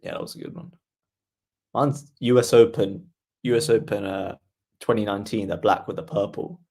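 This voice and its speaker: A fairly low-pitched man, calling points on a livestream. He talks casually to his viewers and quickens as rallies heat up. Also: creaky, a little mellow. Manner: chatty, reads viewer comments aloud, quickens during rallies. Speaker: livestream tennis commentator. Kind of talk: casual play-by-play watchalong commentary.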